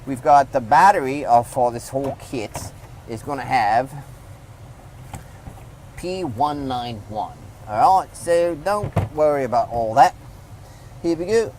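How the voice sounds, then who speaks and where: A man's voice: mid-range voice, expressive, takes it slowly, pauses often, darkish tone, slight background noise, poor audio. A man giving a casual hands-on product review, rambling loosely and talking to the viewer as he demonstrates.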